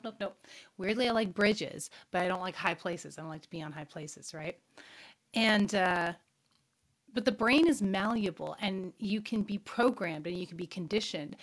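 A woman's voice: mid-range voice, a bit bright. A middle-aged woman hosting a spirituality show, telling a personal story in a candid, frank way, swearing casually and putting questions to her audience.

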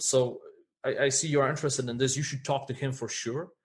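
A man with a mid-range voice talks earnestly and reflectively as a podcast guest. He often checks in with a quick "right?" as he speaks. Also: mid-range voice, steady tone. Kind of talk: candid podcast conversation.

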